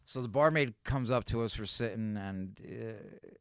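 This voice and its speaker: A man from New City, a comedian telling animated, profane stories as a podcast guest. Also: fairly low pitch, moderate pace, clear, resonant tone, no echo, studio quality. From New York City. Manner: animated, profane, full of "like" and "right?". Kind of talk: casual storytelling on a podcast.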